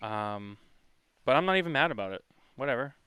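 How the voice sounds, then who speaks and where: A man's voice: mid-range voice, lively intonation, a little fast, bright, forceful tone, clean tone. A man hosting a podcast in casual chat, rambling and chatty as he reads comments. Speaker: podcast host.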